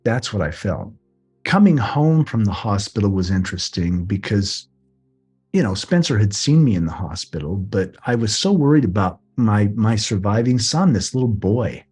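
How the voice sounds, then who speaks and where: A man's voice: fairly low pitch, sing-song, moderate pace, darkish tone, slightly rough, faint music behind. Earnest man telling his story. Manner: earnest, emotional, reflective. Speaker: guest telling his near-death experience. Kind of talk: personal storytelling.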